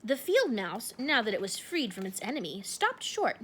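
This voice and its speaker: A woman reading a children's book aloud in an expressive, animated way. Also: fairly high pitch, moderate pace, husky. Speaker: storybook reader.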